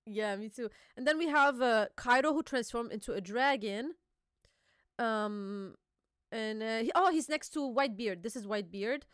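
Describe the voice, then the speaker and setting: A woman hosting a casual reaction chat, excitable, swearing freely and laughing often. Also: on the high side, normal speed, smooth, no room sound, clean studio sound. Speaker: host.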